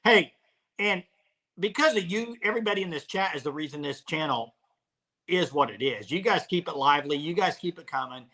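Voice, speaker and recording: Bright-voiced man hosting a sports stream. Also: a little high, fairly quick. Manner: relaxed, conversational, addresses live chat. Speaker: host. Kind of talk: casual sports talk on a live stream.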